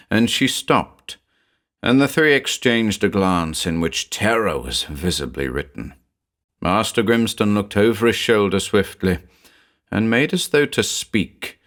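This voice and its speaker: A man narrating a classic horror story in a measured, dramatic reading. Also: lowish voice, a bit bright.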